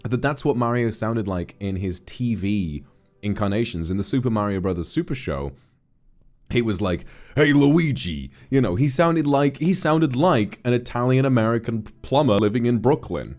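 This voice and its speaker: A man hosting a livestream, giving a casual film review in an animated, rambling way, often correcting himself mid-sentence. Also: mid-range voice, moderate pace, faint music behind. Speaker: streamer host.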